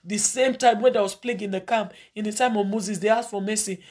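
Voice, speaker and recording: A woman's voice: mid-range voice, steady tone, a little fast, darkish tone. A woman pastor preaching and leading a congregation in earnest, pleading prayer, repeating short phrases of confession. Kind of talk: sermon with led prayer.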